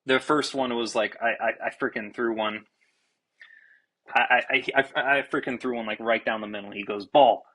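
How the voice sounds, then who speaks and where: Husky young man telling a fiery story. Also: medium pitch, rough recording. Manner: animated, self-described fiery, swears freely, many restarts. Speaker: podcast guest, baseball pitcher. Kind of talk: casual podcast storytelling.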